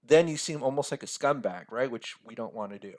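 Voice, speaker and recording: A man's voice: mid-range voice, expressive, brisk. A man teaching a personal finance lesson over a screen share. He talks casually, keeps checking in with "right?" and laughs at himself now and then. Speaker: financial mentor.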